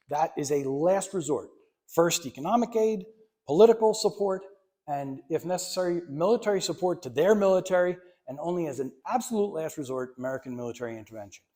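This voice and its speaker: A man's voice: on the high side, dark tone. Emphatic man giving a history lecture. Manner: conversational, emphatic, wry asides. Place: library meeting room.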